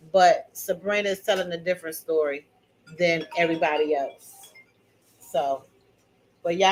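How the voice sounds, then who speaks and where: A woman's voice: lowish voice, poor audio. A middle-aged woman talks straight to her viewers, chatty and emphatic. She keeps calling them y'all and honey while she tells a story from her own life. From Maryland. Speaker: channel host.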